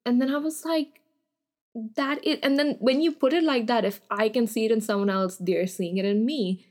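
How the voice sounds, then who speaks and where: A woman's voice: a little high, normal speed, darkish tone. A young adult woman, a podcast guest, chatting casually with lots of fillers and frequent laughter.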